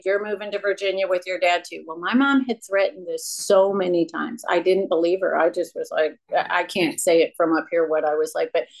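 A woman's voice: fairly low pitch, darkish tone. A woman in her late fifties from upstate New York, speaking candidly and self-deprecatingly from a stage as a recovery speaker, often restarting her sentences. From Rochester, New York, USA. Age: 50s. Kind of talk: personal testimony talk from a stage.

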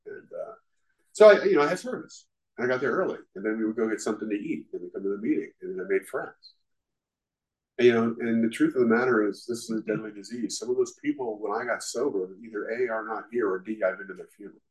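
A man with a slightly low voice speaks candidly at a recovery meeting, telling his own story. He is self-deprecating and frank, and his talk is loose and conversational, full of "you know". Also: fast, darkish tone, rough recording. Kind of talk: candid personal testimony.

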